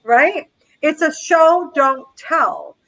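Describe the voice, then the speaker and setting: A woman delivers an energetic coaching talk over a video call, animated and playful. Her voice is bright and ringing, and it sits a little high. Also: extremely slow, vocal fry, poor audio. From not American. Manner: animated and playful, slipping into quoted movie voices. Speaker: guest trainer.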